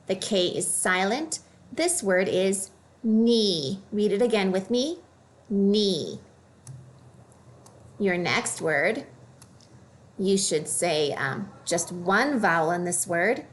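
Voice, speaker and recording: A woman teaching a phonics lesson for children, modeling each word slowly and clearly. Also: mid-range voice.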